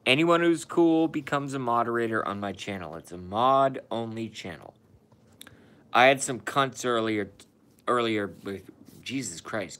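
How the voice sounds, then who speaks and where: A man talks slowly and loosely on a late-night live stream, rambling and swearing. His voice is somewhat low but bright and forward, and he sounds worn out from being up all night. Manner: rambling, profane, talks to his cat and chat. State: tired from staying up all night. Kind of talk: casual live stream chat.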